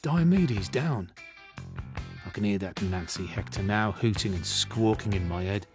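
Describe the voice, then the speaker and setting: A proud, sulking Greek warrior hero with a thick Birmingham accent, voiced by a man. His lowish voice swings from sulky muttering to furious shouting. Faint music sits under the radio play. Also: measured pace, lightly acted. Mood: commanding. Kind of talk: radio drama acting.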